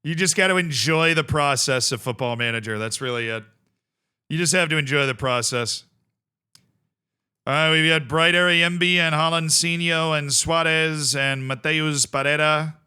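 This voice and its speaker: Bright, crisp-voiced male game streamer. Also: fairly high pitch, normal speed. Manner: chatty, reads chat aloud, breaks into excited shouts. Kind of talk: casual live-stream commentary while playing.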